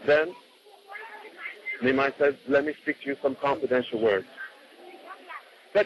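A man's voice: medium pitch, unhurried. Man, devotional storytelling, unscripted, repeats himself, dull lo-fi sound, faint background noise. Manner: unscripted, repeats words, acts out quotes.

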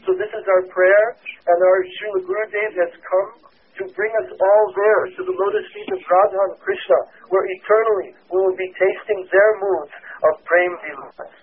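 A man's voice: sits high, animated, moderate pace. A man giving a fervent devotional sermon on a pilgrimage, reverent in tone, with chanted verses woven in. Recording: tinny phone-like line.

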